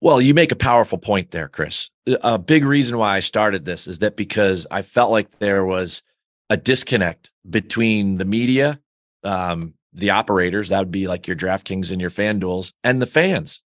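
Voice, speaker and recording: A man's voice: sits low, normal speed, no echo, clean studio sound. A man being interviewed as a guest, talking with enthusiasm in a rambling way with many fillers. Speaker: golf betting newsletter founder, guest. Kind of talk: podcast interview.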